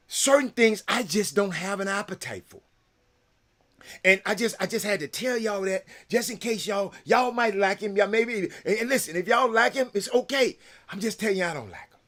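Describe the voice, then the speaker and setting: A man's voice: sits high, a bit bright. A man, hosting a casual talk show and rambling to his viewers with lots of repeated words. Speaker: sports talk show host.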